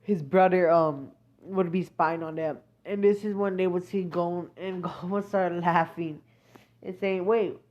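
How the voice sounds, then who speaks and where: A woman's voice: on the low side, steady tone, a little slow. A woman improvising a fan-fiction story, rambling and hesitant, correcting herself often. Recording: dull lo-fi recording.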